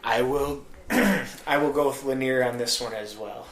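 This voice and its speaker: A man's voice: medium pitch, a little slow, a bit bright. Plainspoken man on a podcast, echoey. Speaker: podcast co-host. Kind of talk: casual sports podcast chat.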